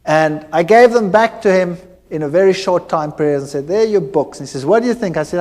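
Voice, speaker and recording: A man, a former university lecturer, giving a personal testimony, telling his story with animated acted-out dialogue. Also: sits high, a little fast. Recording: hall reverb.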